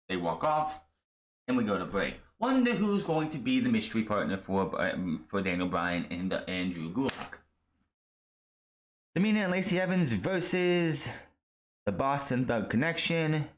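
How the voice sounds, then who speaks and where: A man's voice: medium pitch, sing-song, normal speed. Blunt, exasperated man reviewing wrestling. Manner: blunt, exasperated, rambling with restarts. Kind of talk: casual solo commentary.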